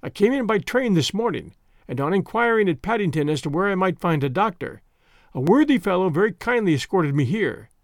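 Brief: nervous, courteous young engineer, read by a man, bright-pitched, dry close sound. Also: big pitch swings, brisk, no room sound. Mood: shaken. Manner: polite, weary, nervous. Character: young male engineer, pale and shaken.

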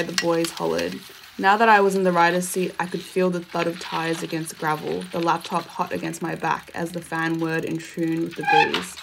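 A young woman from Australia reading her personal essay aloud in a measured, reflective way. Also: fairly low pitch, vocal fry, background noise.

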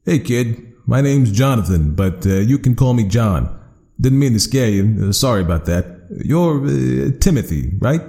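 A man's voice: mid-range voice, expressive, unhurried, vocal fry, warm tone, voice pushed up. A man voicing a chatty, friendly male creature from a storybook, talking casually with many fillers. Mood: apologetic.

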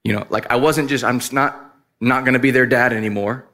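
A man's voice: mid-range voice, fairly even intonation, a little fast, bright, forceful tone. A man who is a father of young boys, preaching a casual, conversational sermon full of asides and self-deprecating laughs. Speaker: pastor.

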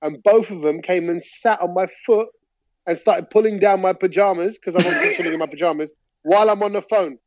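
A high-voiced man chats casually on a podcast, spinning animated, slangy stories from home. His voice comes through a dry, somewhat muffled phone mic on a video call. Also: brisk, no echo. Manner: animated storyteller, slangy, laughs while talking. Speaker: podcast co-host. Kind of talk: casual chat. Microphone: talking into a phone over a video chat.

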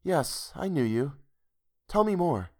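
Casting: soft-spoken ghostly young woman voiced by a man, murmuring, dreamy, hushed. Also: fairly high pitch, sing-song, slow pace, pitched above the performer's own voice, exaggerated voice.

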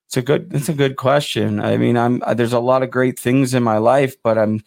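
A man speaks as an interview guest, halting and reflective, often restarting his sentences as he searches for words. His pitch sits in the middle range for a man. The recording is dry and close, with almost no room sound. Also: steady tone, creaky, darkish tone, no room sound. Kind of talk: candid conversational interview.

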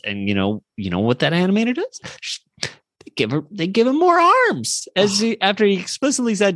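A man co-hosting a fan podcast, recapping a cartoon episode in a rambling, animated way with many fillers. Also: a little high, moderate pace, dry recording. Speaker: podcast co-host.

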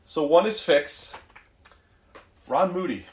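A man co-hosting a casual podcast who jumps in with eager agreement. His voice sits a little high, and the room adds a noticeable echo around him. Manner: enthusiastic, quick agreement. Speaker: podcast co-host. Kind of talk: casual chat. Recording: roomy echo.

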